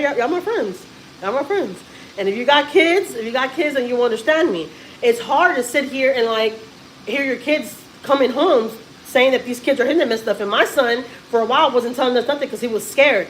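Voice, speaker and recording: A woman's voice: fairly high pitch, slight background noise, low-quality recording. A woman, a mother venting on a casual livestream and cussing often. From Houston, Texas. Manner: animated, frequent cussing and laughing. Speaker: vlogger and mother.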